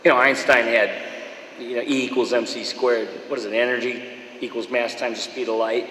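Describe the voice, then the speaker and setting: Animated male voice actor telling stories. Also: mid-range voice, a little fast, roomy sound, big-room sound, a little hiss or hum, poor audio. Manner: animated, jumps into voices and impressions. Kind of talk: storytelling interview.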